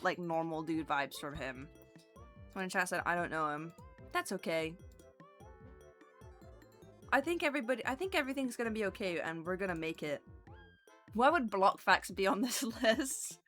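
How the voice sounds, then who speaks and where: A woman's voice: mid-range voice, a bit bright. A woman streamer chatting casually with her viewers, rambling and giggly as she drifts into tangents. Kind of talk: casual livestream chat with viewers.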